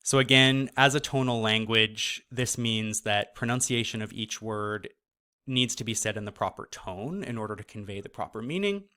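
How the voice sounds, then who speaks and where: A man teaching a course, explaining pronunciation casually and sounding each syllable out slowly. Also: mid-range voice, pushed and bright, clean tone. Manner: casual, with fillers and self-corrections. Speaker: course instructor. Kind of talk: slow explanatory lesson.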